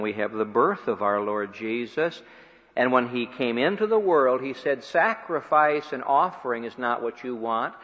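A man delivering a sermon in a big, echoing hall, his words ringing out with a long tail of reverb. He swings from loud, emphatic climaxes down to hushed, low lines. The recording is muffled and lo-fi. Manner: swings between loud emphatic peaks and quiet low phrases. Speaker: preacher.

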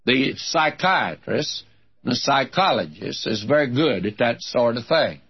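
Guy teaching the bible, kinda husky, chatty and wry, dull lo-fi old sounding tape. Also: mid-range voice, lively intonation, measured pace. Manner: folksy, wry and conversational. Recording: dull lo-fi recording.

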